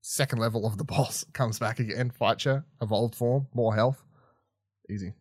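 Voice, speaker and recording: A man's voice: medium pitch, steady tone, normal speed, husky, dry recording, studio quality. A man co-hosting a podcast, reviewing an episode in casual chat, exasperated, swearing and laughing often. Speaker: podcast co-host.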